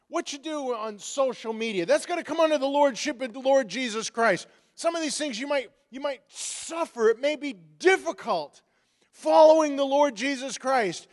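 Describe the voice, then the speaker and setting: A middle-aged pastor preaching a sermon, moving from storytelling into forceful preaching. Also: male voice, extremely high pitch. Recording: long reverb of a large hall.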